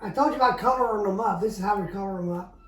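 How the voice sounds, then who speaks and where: A woman's voice: mid-range voice, very fast. Folksy middle-aged woman, distant mic. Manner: folksy, chatty, repeats herself. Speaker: backyard barbecue cook and host. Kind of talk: casual cooking demonstration. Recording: roomy, distant camera mic, faint background noise.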